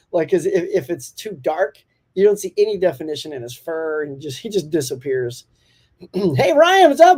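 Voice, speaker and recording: Man, live-stream host, casual morning chat, upbeat, laughs a lot, mellow voice, answers viewer comments. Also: sits high. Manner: upbeat and chatty, laughs often.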